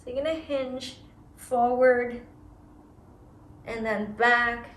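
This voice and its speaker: A woman teaching a yoga class, giving slow, soothing cues about breath and movement. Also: a little high, fairly even intonation, fairly bright tone, echoey room. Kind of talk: guided yoga class instruction.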